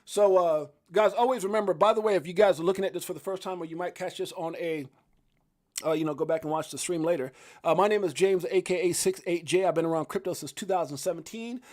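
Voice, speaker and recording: A man hosts a casual crypto live stream in a notably high-pitched voice. He rambles from one thought to the next, laughs easily and jumps into loud excited outbursts. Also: fast talker. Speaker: crypto livestream host. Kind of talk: casual live-stream chat and market rundown.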